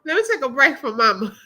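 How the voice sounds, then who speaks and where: A woman's voice: high-pitched, bright, forceful tone, poor audio. A woman hosting a reaction channel, reacting to clips in casual commentary, laughing often and exclaiming in drawling slang asides.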